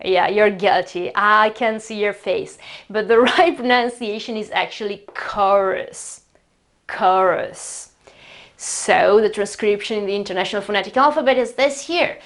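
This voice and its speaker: A woman with an Italian accent, a native Italian speaker, teaching an English pronunciation lesson beside a whiteboard in a chatty, explanatory way and slowly repeating words to demonstrate them. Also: medium pitch, fairly bright tone. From Italy.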